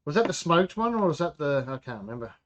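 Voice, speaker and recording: Fast and sing-song, a fairly high-pitched Australian man rambles through casual chat on his home brewing livestream. He answers viewers, reads out chat and talks to himself while working, captured in slightly dull lo-fi sound.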